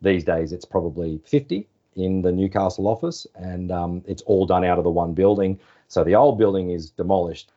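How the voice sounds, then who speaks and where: A very low-voiced Australian man in his forties tells anecdotes in an easygoing, chatty way. His tone is dark and mellow, and he acts out the phone calls he quotes. The podcast audio sounds slightly dull. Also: moderate pace. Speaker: podcast guest, former sports journalist. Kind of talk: casual storytelling interview.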